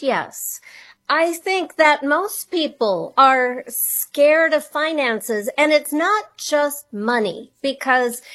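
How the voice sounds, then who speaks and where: A woman's voice: sits high, a bit bright. A middle-aged woman, a guest author and money coach, talking earnestly and reflectively in a radio interview. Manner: earnest, reflective, piling up questions.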